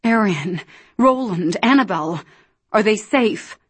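A woman voicing a calm, solemn young male angel who speaks in grave, formal sentences in an audiobook. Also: mid-range voice, measured pace, slightly rough. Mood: worried. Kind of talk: audiobook character voice.

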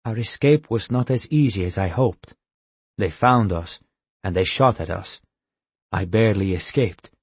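A man's voice: fairly low pitch, unhurried, breathy edge, no echo. A man doing a grave, formal Jaime. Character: wounded, grave adult ally.

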